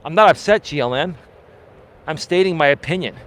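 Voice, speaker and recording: A man's voice: on the high side, animated, brisk, a bit bright, a little hiss or hum. A man coaching on a live stream while he walks outdoors, reading chat aloud and answering it in a passionate, emphatic, argumentative way. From Greek heritage. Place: outdoors on an urban street, walking.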